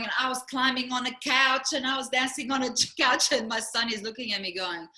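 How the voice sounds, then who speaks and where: A middle-aged woman co-hosting a casual chat, telling a lively story, laughing often and acting out what people said. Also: high voice, brisk, echoey room. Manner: animated storyteller, laughs often, acts out quotes. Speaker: co-host.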